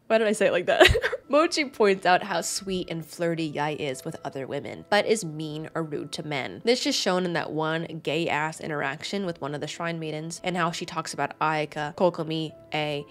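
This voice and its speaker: A woman hosting a video essay, reading her script calmly and now and then breaking into loud joking outbursts. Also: on the low side.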